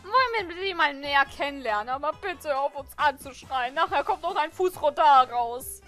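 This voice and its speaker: A woman giving relaxed, chatty gameplay commentary as a let's player. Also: high-pitched, normal speed, faint music behind. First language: German. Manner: relaxed, chatty asides between reading.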